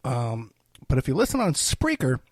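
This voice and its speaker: A man's voice: mid-range voice, wildly swooping pitch, normal speed, no echo. A male podcast host talking alone on his show, rambling and self-deprecating with many fillers, and tired and unwell. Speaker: podcast host and private investigator. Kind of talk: rambling solo podcast talk.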